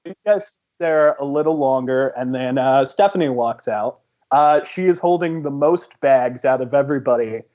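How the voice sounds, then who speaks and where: A man narrating as game master in a halting way, with many fillers. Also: medium pitch. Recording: dull lo-fi sound.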